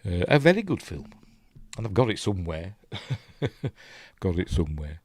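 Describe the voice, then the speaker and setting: Low-voiced Yorkshire man rambling. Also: sing-song, moderate pace, darkish tone, husky, dry recording, studio quality. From Yorkshire, England. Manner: rambling, chatty, often loses his place. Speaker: host, film reviewer. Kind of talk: casual film breakdown reading live chat.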